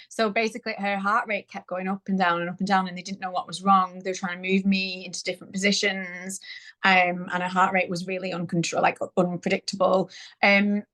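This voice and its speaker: A woman's voice: mid-range voice, a bit bright. A woman in her thirties, guest on a parenting interview, chatting casually and laughing often as she retells events. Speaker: guest sharing birth story. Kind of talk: casual conversational storytelling.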